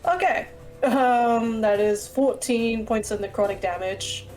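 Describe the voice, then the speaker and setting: Player, woman, slow, hesitant, hoarse from losing her voice. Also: fairly high pitch, a little mellow, faint music behind, poor audio. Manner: hesitant, full of fillers and laughs. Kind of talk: casual tabletop game play.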